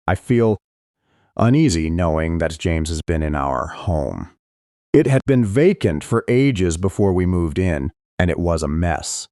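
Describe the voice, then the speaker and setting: A man reading a first-person thriller audiobook with expressive, tense storytelling. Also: sits low, a little slow, no echo, clean studio sound. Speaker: audiobook narrator.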